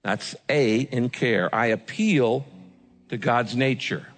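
A man's voice: medium pitch, slow. Man preaching a sermon in a big echoing hall. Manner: dramatic, swings between loud pleading and hushed earnest asides. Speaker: pastor. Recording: music under the voice, long hall reverb.

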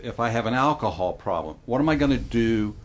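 A man's voice: medium pitch, expressive, brisk. A middle-aged man talks things through in a Christian podcast discussion. He speaks earnestly, like a pastor teaching. Now and then he acts out what someone might say. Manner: earnest, explanatory, acts out quoted lines.

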